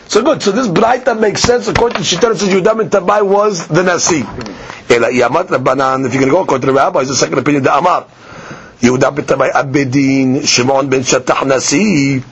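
Man, teaching Talmud; husky, high-pitched, quick delivery over a muffled lo-fi recording. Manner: explains Aramaic text line by line in English, animated. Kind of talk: daily Talmud lesson.

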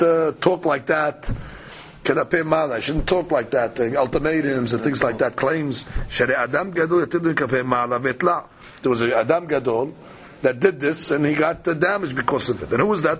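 A man teaching a daily Talmud class, reading the Aramaic text aloud and explaining it in casual, conversational English. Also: fairly high pitch.

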